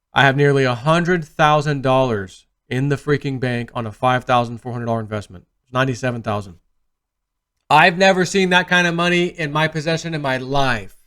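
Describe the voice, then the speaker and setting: Guy rambling thru a personal story for his channel, gets excited then trails off quiet, medium pitched. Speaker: video host. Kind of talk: casual storytelling monologue.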